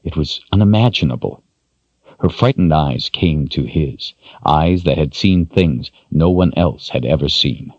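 A man narrating an audiobook in a measured, expressive storytelling manner. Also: extremely low pitch, no echo, dull audio. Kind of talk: scripted narration.

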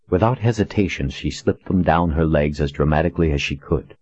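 A man narrating a story in a steady, deliberate reading style. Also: extremely low pitch, husky, lo-fi sound. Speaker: audiobook narrator. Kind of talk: scripted narration.

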